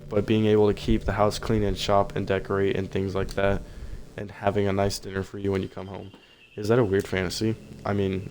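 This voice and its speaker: A man reading aloud the lines of a desperate, lovesick teenage girl from a game, in a plain, flat voice. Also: deep voice, a little hiss or hum. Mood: wistful.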